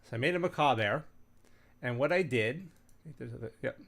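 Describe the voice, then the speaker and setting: Rambling, animated male game-master host. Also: mid-range voice, normal speed, creaky. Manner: rambling, with frequent fillers and restarts; animated storyteller. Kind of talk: casual chat.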